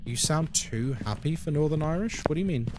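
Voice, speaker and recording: A male live streamer talking casually with his chat. His voice sits fairly high and swings widely in pitch. He curses freely and drops into mock voices mid-sentence. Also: expressive, a little fast, noisy background.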